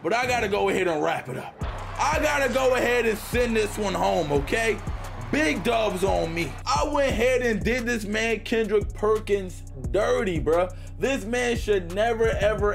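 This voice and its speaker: A man's voice: high-pitched, moderate pace, gravelly, soft background music. Hyped young man trash-talking over gameplay. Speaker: gaming YouTuber. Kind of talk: casual gameplay commentary.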